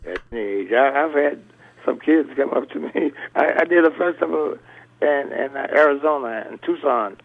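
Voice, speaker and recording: An older blues musician talking as a radio interview guest, rambling through stories with many restarts. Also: male voice, mid-range voice, lively intonation, moderate pace. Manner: rambling storyteller, restarts often. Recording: tinny phone line.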